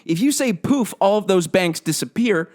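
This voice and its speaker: A man's voice: high voice, animated, normal speed, a little mellow. A young man hosting a solo podcast, ranting with sarcastic, profane emphasis. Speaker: podcast host.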